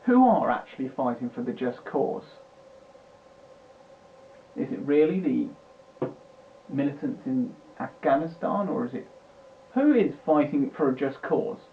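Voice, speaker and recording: A British vlogger rants about politics off the cuff from his home computer, swearing and rambling in an agitated way. His mid-range voice is very animated, though his pace is measured with long pauses. The tinny lo-fi mic adds a faint hiss.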